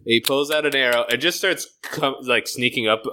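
A man riffing through a comedic improvised story in casual chat, playful and quick to laugh. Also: medium pitch, pushed and bright, a little hiss or hum. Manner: playful, breaks into silly voices and laughter.

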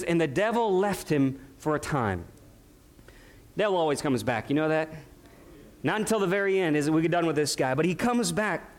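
A high-pitched male pastor delivering a sermon. He preaches with emphasis, throwing rhetorical questions out to the congregation and answering them himself.

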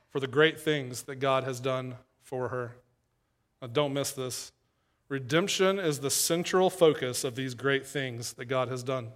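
Man preaching with a higher voice. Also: a bit bright. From East Tennessee, USA. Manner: conversational, earnest, with rising emphasis. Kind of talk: sermon.

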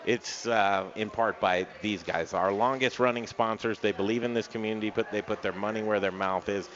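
Male radio talk host, casual and jokey, low voice, dull lo-fi sound. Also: steady tone, moderate pace, a bit bright. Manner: chatty, joking, effusive thanks. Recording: muffled lo-fi radio audio.

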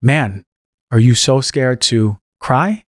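Guy on a podcast getting fired up, mid-pitch, dry room no echo. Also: slow. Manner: emphatic, acts out quoted voices. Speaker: podcast guest, health practitioner. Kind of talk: impassioned casual talk.

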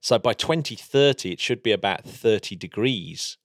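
An English man with a lowish voice, chatting eagerly as a podcast co-host about spacecraft and the sun. The recording is dry and close, with no room sound. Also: lively intonation, moderate pace, no echo. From England. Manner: enthusiastic, explanatory. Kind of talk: casual science chat.

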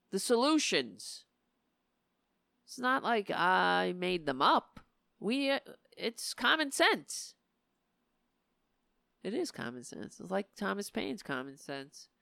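A woman hosting a live political talk stream, speaking in impassioned, emphatic bursts and sounding a little hoarse. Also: on the low side, fairly bright tone, dry recording, studio quality. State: losing her voice. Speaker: political talk show host.

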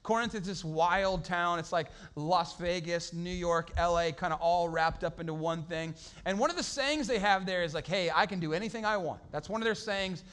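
A middle-aged pastor with a fairly high, clean-toned voice delivers a relaxed, chatty sermon. He's conversational, lively and playful, and he acts out the people in his stories in quick voices.

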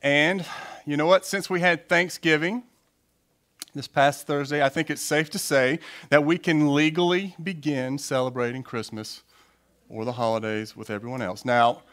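A man's voice: a little high, normal speed. A man in his fifties preaching a sermon to a church congregation in a loose, conversational way, with frequent restarts. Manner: conversational, animated, with repeated restarts. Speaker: pastor.

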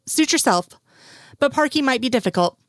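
A woman's voice: animated, moderate pace, dry recording. A hospitable older mother speaks in a lifted, friendly voice, put on by a woman reading a story. She sounds chatty and welcoming. The recording is dry and close. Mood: cheerful. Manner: raised pitch, friendly and chatty.

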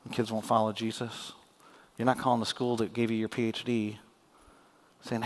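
A man preaching a sermon as a pastor, animated and joking, with sarcastic asides. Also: mid-range voice, normal speed, long pauses. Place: church in front of a congregation.

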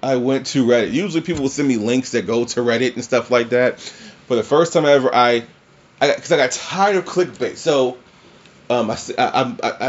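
A man's voice: mid-range voice, highs cut off. A man casually reviewing a film, rambling and swearing, full of fillers and restarts. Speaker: movie reviewer.

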